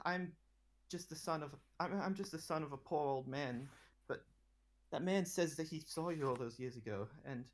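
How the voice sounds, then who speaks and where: A man voicing an awestruck, excitable teenage boy who stammers nervously and eagerly. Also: a little high, normal speed, pitched above the performer's own voice, lightly acted. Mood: earnest.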